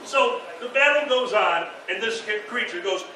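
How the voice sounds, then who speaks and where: A man telling lively stories at a convention panel, laughing and acting out shouted quotes. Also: high-pitched, normal speed, few pauses. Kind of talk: animated live storytelling. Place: convention room with an audience. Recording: echoey room from far off, crowd noise.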